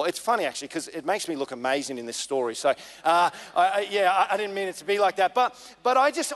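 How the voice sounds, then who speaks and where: High-voiced pastor in a hall. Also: male voice. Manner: relaxed, conversational, many fillers. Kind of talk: sermon with personal story. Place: church hall. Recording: long reverb of a church hall.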